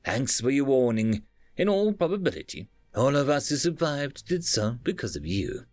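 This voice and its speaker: Chatty wry alien on comms, a guy reading it, casual, animated pitch. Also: moderate pace, dry recording, soft background music, close to an everyday voice.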